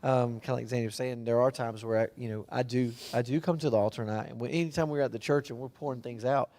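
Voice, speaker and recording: A man's voice: mid-range voice, fairly even intonation, quick pace, a little mellow. A man speaking earnestly and bluntly in a church round-table discussion. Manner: earnest and blunt, with filler ums. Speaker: church member on a panel.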